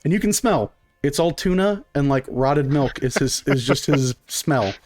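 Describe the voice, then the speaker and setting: A man's voice: mid-range voice, lively intonation, measured pace, a little mellow. A man narrating as game master in a loose, laughing way, with many fillers.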